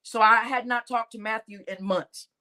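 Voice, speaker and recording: A woman host chatting casually on her live stream, with a somewhat high voice. She tells a story in an animated way and reads out viewer comments as she goes. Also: normal speed.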